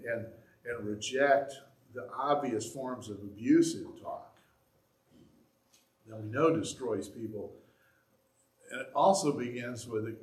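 A man preaching a sermon, animated and acting out little examples as he goes. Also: medium pitch. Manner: animated, acts out examples with shifts in loudness. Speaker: pastor. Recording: echoey room.

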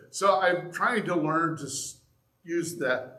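A man preaching a sermon, animated and acting out little examples as he goes. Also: high voice, measured pace. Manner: animated, acts out examples with shifts in loudness. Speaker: pastor. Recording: echoey room.

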